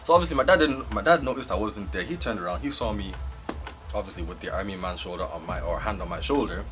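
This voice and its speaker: A young man telling a comic storytime story on his vlog, animated and laughing as he goes. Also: fairly low pitch, fast talker, soft background music. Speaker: vlogger.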